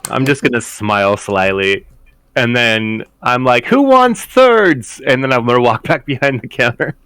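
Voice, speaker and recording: A man's voice: mid-range voice, fairly even intonation, moderate pace, pushed and bright, smooth. A man player in a tabletop game who describes his moves playfully. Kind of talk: casual tabletop game chat.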